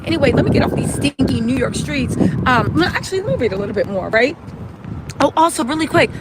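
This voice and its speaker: Chatty high-voiced woman streaming outdoors. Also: lively intonation, quick pace, heavy background noise. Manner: chatty, emphatic, many "right?" tags. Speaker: livestream host. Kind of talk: casual livestream commentary. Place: city street outdoors.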